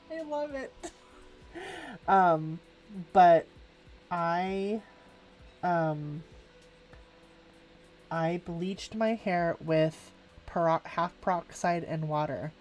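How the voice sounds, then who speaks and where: A rambling, laughing woman, chatting on a live stream as she colors. Her voice sits a little lower than most women's. Soft music plays faintly behind her. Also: animated, extremely slow, pauses often. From California, USA. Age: 40s. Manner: chatty, rambling, says "like" a lot, laughs often. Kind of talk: casual live-stream chat while drawing.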